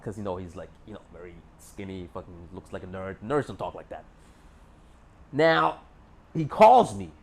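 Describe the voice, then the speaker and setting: A man's voice: low-pitched, expressive, normal speed, gravelly, a little mellow. A young man telling a story casually, boastful and full of swearing, rambling with fillers. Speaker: vlogger.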